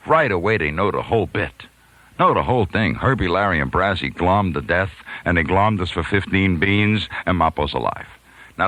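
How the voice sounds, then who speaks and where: A deep, low-pitched man spins a yarn with a lively, rising and falling voice that leaps up when he acts out the people in it. His tone is bright and forceful, and the recording is dry and close. He laughs now and then as he tells it, like a practiced radio storyteller. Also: no room sound, poor audio. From New York. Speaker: radio host telling a story. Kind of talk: storytelling monologue.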